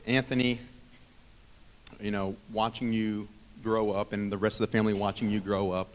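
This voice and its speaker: A man in his thirties gives a wedding toast at a reception, a touch low in pitch. His talk rambles and restarts, heartfelt and self-teasing. The sound carries a long reverb from the hall around him. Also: little pitch movement, normal speed. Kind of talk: wedding speech.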